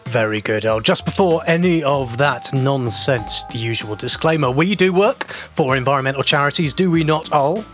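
A man's voice: medium pitch, moderate pace, few pauses, fairly bright tone. Male co-host, casual and self-deprecating, has the hiccups, faint music bed. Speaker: podcast co-host. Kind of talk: casual banter.

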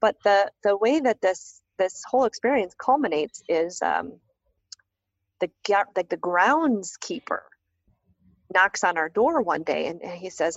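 A woman tells a story in relaxed talk and gives each quoted person a voice. Her voice sits in a middle range. The recording is dry and a little muffled, with a lo-fi edge. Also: mid-range voice, unhurried, dry recording. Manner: animated, acts out quoted voices. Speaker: guest. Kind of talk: conversational storytelling.

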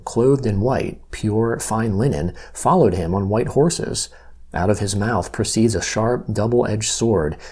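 Male Bible reader, husky and mellow, measured scripture reading. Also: fairly low pitch. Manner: measured, even-paced reading with slow emphasis on key phrases.

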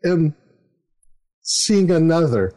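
A man's voice: fairly high pitch, sing-song, warm tone, voice pushed up. A man doing a hesitant young woman with a put-on Eastern European accent. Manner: halting, reluctant.

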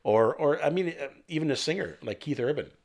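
A man's voice: a little high, expressive, fairly quick, a little mellow. A man who is a guest on a podcast, chatting casually in a rambling way and laughing often.

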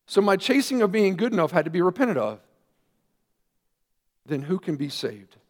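Man, pastor, sermon, high-pitched, earnest emphatic delivery. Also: big pitch swings, normal speed. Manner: earnest preaching with rising emphatic questions and quiet asides.

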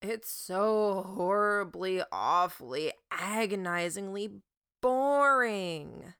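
A woman's voice: mid-range voice, expressive, a little slow, bright, forceful tone, no room sound, studio quality. A woman voicing a bratty, mischievous teenage boy who talks in a whiny, sarcastic way. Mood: whiny defiant.

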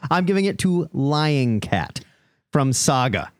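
A man co-hosting a comic book podcast in casual chat, animated and laughing often. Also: fairly high pitch, slow, dry recording, clean studio sound. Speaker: podcast co-host.

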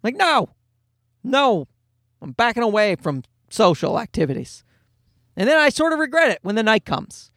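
Here a man in his forties, his high-pitched voice a bit bright, talks briskly and with great animation. He spins rambling, wry comic tales in a relaxed monologue peppered with profanity, recorded at studio quality with no room sound.

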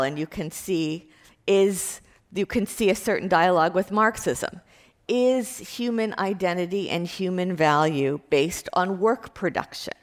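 A middle-aged woman delivers a university lecture in a slightly low voice. She talks in a thoughtful, searching way, posing rhetorical questions to the class and leaning on "you know" and "um" as she goes.

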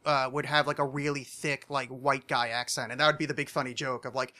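A man's voice: mid-range voice, little pitch movement, brisk, hardly any pauses, pushed and bright. A man with a nasal American accent, co-hosting a podcast in casual chat, rambling with many fillers. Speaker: podcast co-host.

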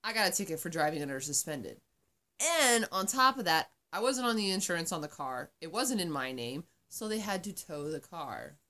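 A woman chatting casually, telling a story in a profane, animated way. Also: fairly low pitch, normal speed. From Arizona. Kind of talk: casual chat.

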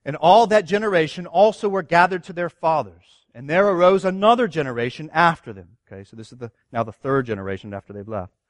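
A man's voice: a little high, animated, a little fast, hardly any pauses, no echo, clean studio sound. A man preaching a sermon, reading scripture and asking his listeners earnest rhetorical questions. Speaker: pastor.

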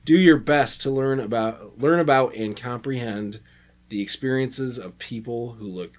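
A podcast co-host in casual chat, giggly, drawing out the words. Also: mid-range voice. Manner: giggly, drawn-out speech.

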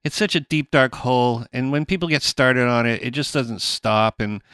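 A man with a Canadian accent hosting a casual interview, chatty and quick to agree. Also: mid-range voice, fairly bright tone, clean tone, dry recording, studio quality. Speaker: podcast host.

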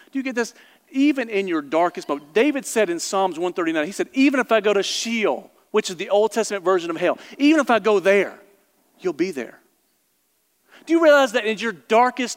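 A high-voiced male pastor preaches passionately straight to his congregation, repeating and emphasizing phrases. The sermon echoes through a large church hall with a long reverb tail.

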